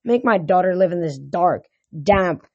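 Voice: mid-range voice, lively intonation, unhurried, dry recording, highs cut off. An audiobook reader voicing a stern, nagging older goddess who scolds her daughter, in a dry close recording. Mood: scolding. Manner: scolding and complaining.

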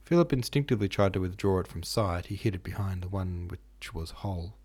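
A man reading a classic novel aloud as a podcast audiobook narrator, in a measured, steady way. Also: deep voice, breathy edge.

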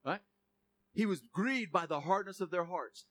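A male pastor giving a sermon in a lively, joking way, reading scripture aloud. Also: high-pitched, normal speed.

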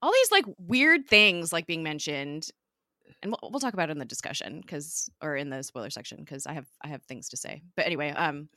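A woman hosting a podcast, recapping a TV episode in a chatty way, full of fillers and quick giggles. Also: deep voice, a bit bright, no echo, clean studio sound.

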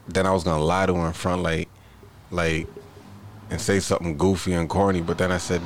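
Low-voiced guy running the show, easygoing, bit of background noise. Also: little pitch movement, fairly quick. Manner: easygoing, repeats phrases. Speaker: podcast host. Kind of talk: casual chat.

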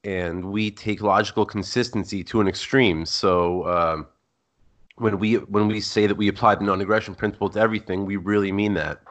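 A man who is a guest on a podcast, explaining his views in a measured way. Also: lowish voice, fairly even intonation, fairly bright tone. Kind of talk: explaining ideas in an interview.

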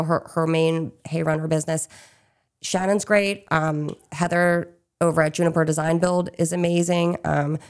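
Answering interview questions with frequent "um"s and "you know"s, a small business owner from Chester County, Pennsylvania, keeps things chatty and casual in a lowish voice.

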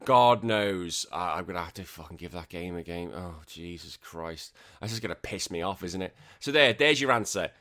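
A man's voice: low voice, moderate pace, hardly any pauses. A man hosting a podcast, chatting casually and ranting with lots of swearing. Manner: animated, swears a lot, exasperated rants. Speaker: podcast host.

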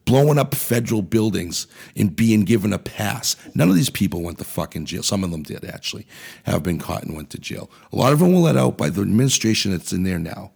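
A man's voice: lowish voice, expressive, fairly quick, vocal fry, darkish tone, breathy edge. A man hosting a podcast, delivering an angry, profane political rant in a blunt way. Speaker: podcast host. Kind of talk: ranting political commentary.

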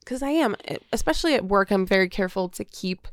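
A woman's voice: medium pitch, animated, a little fast, dry recording, studio quality. A woman co-hosting a podcast, chatting candidly and often laughing. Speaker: podcast co-host. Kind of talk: casual chat.

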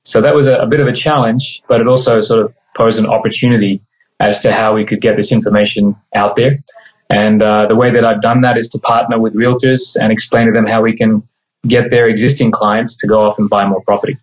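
A man from Australia with an Australian accent, a mortgage broker explaining things in a measured, casual interview. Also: fairly low pitch, level tone, dull audio.

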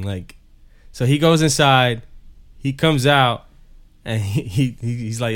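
A man's voice: medium pitch, moderate pace, pauses often, fairly bright tone. A young man co-hosting a podcast, telling stories in casual chat and breaking into laughter often. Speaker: podcast co-host.

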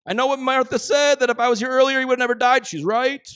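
A man's voice: extremely high pitch, steady tone, fast, a bit bright, smooth, voice pushed up. A man voicing a breezy, offhand adult male Jesus who casually waves away a friend's death, talking in a flippant, reassuring way.

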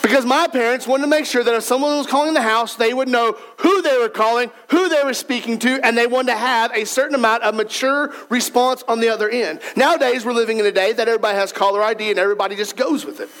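Man, pastor, sermon, very high-pitched voice, conversational and emphatic, speaking in a church. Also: fast, hardly any pauses, fairly bright tone, low-quality recording. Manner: conversational and emphatic, talks straight to the congregation.

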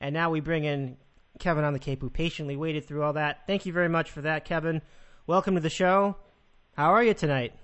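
A man's voice: fairly high pitch, fairly even intonation, a little fast, fairly bright tone. A man hosting a sports podcast, chatting casually and upbeat with callers, laughing easily.

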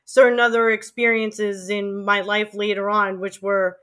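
A woman's voice: medium pitch, flat delivery, a little slow, a bit bright. A middle-aged woman with a Queens, New York accent, chatting casually in an interview about her radio days, laughing often as she remembers. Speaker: guest, former college radio DJ.

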